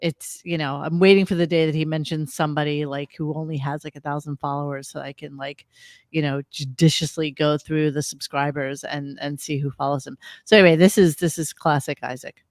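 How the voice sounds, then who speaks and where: Low-voiced ranting woman host. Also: fairly even intonation, brisk, dry recording, studio quality. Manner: ranting, sarcastic, profane. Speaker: podcast host. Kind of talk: casual chat.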